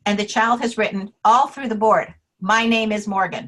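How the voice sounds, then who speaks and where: A woman interview guest, an author on names, telling anecdotes in a lively way, acting out the quotes and laughing often. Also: fairly high pitch, moderate pace, poor audio. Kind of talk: casual storytelling interview.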